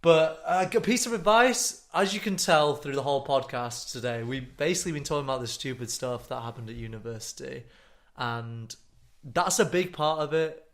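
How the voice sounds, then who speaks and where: A young man in his twenties co-hosting a casual podcast, giving relaxed advice with dry jokes. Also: mid-range voice, moderate pace, hardly any pauses. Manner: relaxed, joking advice-giver. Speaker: podcast co-host.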